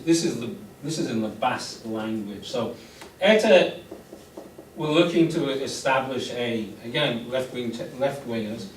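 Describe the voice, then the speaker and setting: A man's voice: mid-range voice, fairly bright tone. A man lecturing to a class, explaining step by step, with frequent restarts and fillers. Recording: roomy classroom audio, recorded from a distance with faint noise.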